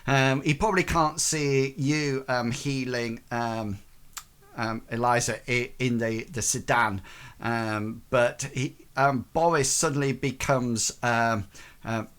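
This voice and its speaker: A man running a tabletop game as game master, narrating in a halting way full of ums and restarts, now and then shouting out lines for crowd members. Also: medium pitch, fairly even intonation, clear, resonant tone.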